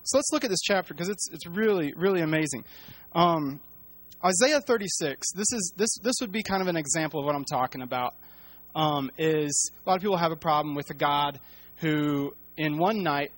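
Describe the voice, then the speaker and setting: A man with a fairly high voice teaches a Bible passage in a relaxed, conversational way. He stumbles and restarts often and fills his pauses with "um." The sound is dry and close, with no room echo. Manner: halting, many fillers and restarts.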